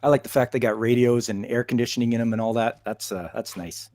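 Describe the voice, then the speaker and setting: A man's voice: mid-range voice, steady tone, fast talker, a little mellow, no echo. A man with a Canadian accent who operates heavy equipment, chatting casually and telling stories with chuckles. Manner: chuckling, storytelling. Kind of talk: casual voice chat.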